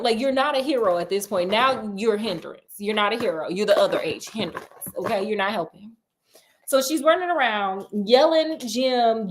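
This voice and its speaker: A woman's voice: fairly high pitch, slight background noise. Sassy, chatty woman storyteller. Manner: sassy, chatty, laughing asides. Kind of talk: casual comedic book retelling.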